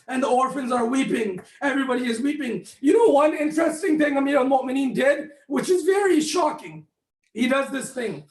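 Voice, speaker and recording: A man delivering an impassioned sermon to a congregation, often raising his voice to a near shout and putting questions directly to his listeners. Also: extremely high pitch. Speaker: speaker at a mourning gathering. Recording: echoey hall.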